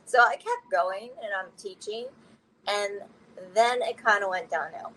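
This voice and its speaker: A woman's voice: mid-range voice, wildly swooping pitch, measured pace, fairly bright tone, slight background noise, low-quality recording. A woman telling her personal story candidly as an interview guest, often laughing through difficult memories.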